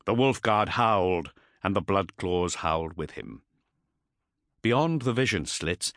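A man narrating an audiobook in an expressive, dramatic storytelling manner. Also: lowish voice, no echo, clean studio sound.

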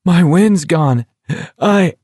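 A man's voice: animated, drawn-out words, darkish tone, husky, no echo, clean studio sound, full character voice. A hysterical young man gasping with laughter. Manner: high-pitched, giggling, gasping.

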